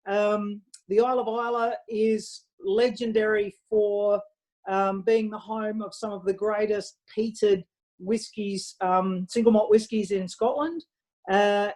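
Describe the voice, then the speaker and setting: A woman's voice: medium pitch, darkish tone, low-quality recording. A woman from Australia hosting a casual live-streamed wine show, chatting in a rambling way with lots of fillers.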